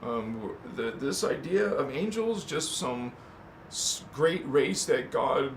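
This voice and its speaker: Man shouting about spiritual war. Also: mid-range voice, lively intonation, slow, gravelly. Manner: rambling, swings from hushed musing to shouting. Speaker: spiritual channel host. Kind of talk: impassioned spiritual talk. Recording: echoey room with faint noise.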